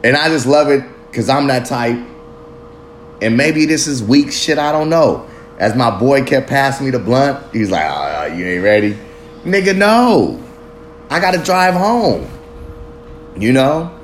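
A man rambles through a solo podcast, loose and profane, drifting between jokes and life lessons. His pitch sits mid-range for a man. A faint hiss of background noise lies under the voice. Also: expressive, unhurried. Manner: loose, profane, street slang, rambling reflective. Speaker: podcast host. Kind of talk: casual solo podcast monologue.

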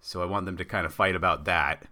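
A man co-hosting a casual wrestling chat, rambling and animated as he pitches ideas. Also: quick pace. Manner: rambling, animated, acts out bits in silly voices. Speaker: podcast co-host.

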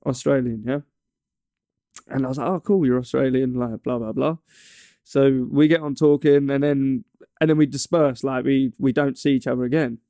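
A man's voice: medium pitch, fairly even intonation, moderate pace, mellow, no echo, studio quality. A young man from England in casual chat, telling a long story with many stumbles and restarts. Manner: rambling, stumbles and restarts often.

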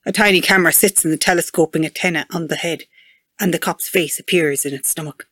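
A reader narrating a sci-fi story aloud in an even, measured way. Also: mid-range voice, dry recording. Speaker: manuscript reader.

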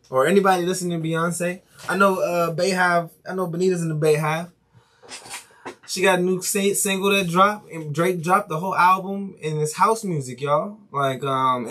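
A man hosting a casual solo podcast, reading news items aloud haltingly and chatting loosely, swearing freely. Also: on the high side, fairly bright tone, slightly rough. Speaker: podcast host.

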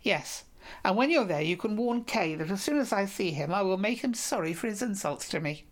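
A woman's voice: mid-range voice, lively intonation, fairly quick, lightly acted. A woman reading an audiobook, voicing a modest but bold young knight in plain courtly speech. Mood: firm. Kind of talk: audiobook reading of a medieval romance.

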